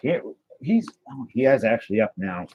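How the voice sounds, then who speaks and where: A man's voice: medium pitch, big pitch swings, moderate pace, dull audio, noisy background. A man hosting a casual livestream, chatting and answering his viewers as he goes. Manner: chatty, answers chat messages aloud, stumbles and restarts. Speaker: livestream host opening trading cards.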